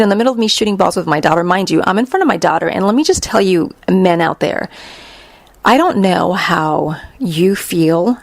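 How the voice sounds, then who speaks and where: A middle-aged woman hosting a podcast, telling a story in a blunt, profane, animated way. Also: on the low side, gravelly, no echo. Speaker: podcast host. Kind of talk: casual storytelling monologue.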